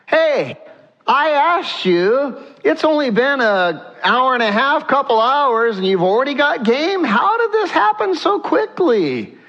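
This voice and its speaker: A man voicing a suspicious old father who keeps questioning his son in a drawn-out, incredulous way. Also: very high-pitched, big pitch swings, fairly bright tone, voice pushed up, heavily acted. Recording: dull lo-fi sound.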